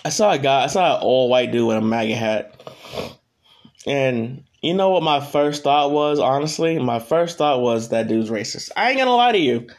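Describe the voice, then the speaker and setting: A man's voice: mid-range voice, animated, moderate pace. A young man hosting his own podcast, ranting casually in a blunt, profane, rambling way. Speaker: podcast host. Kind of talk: casual solo podcast rant.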